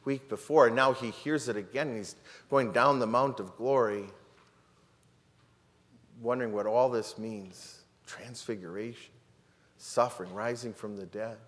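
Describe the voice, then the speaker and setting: A man's voice: medium pitch, steady tone, unhurried. A man preaching a sermon as pastor, retelling a story dramatically with many rhetorical questions and repeated words. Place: church sanctuary. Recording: long church reverb.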